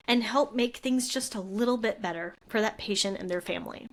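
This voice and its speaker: A woman's voice: mid-range voice, brisk, hardly any pauses. Casting note: young adult woman, physical therapist host, earnest and heartfelt, casual solo podcast delivery, mid-range voice. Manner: earnest, heartfelt, conversational with frequent fillers. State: tearful at moments.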